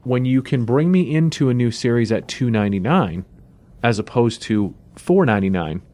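A man's voice: medium pitch, lively intonation, moderate pace, warm tone. A man co-hosting a casual chat show, adding matter-of-fact comments and agreeing with his partner. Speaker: podcast co-host.

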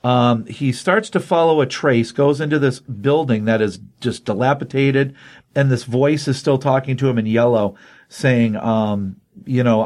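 A man recapping a comic book in casual, animated chat as a show host, acting out the characters' dialogue with plenty of fillers. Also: medium pitch, moderate pace. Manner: animated retelling that acts out the dialogue, with many fillers. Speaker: podcast co-host.

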